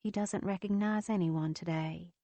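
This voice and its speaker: A woman voicing a kind female nurse who speaks gently, steadily and reassuringly. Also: on the low side, fairly even intonation, moderate pace, no room sound, close to an everyday voice.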